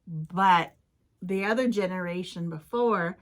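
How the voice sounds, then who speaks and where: A woman's voice: on the low side, slow. A woman from Minnesota with a Minnesota accent, co-hosting a casual craft chat and chiming in agreeably. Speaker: co-host. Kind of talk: casual chat about cross-stitch.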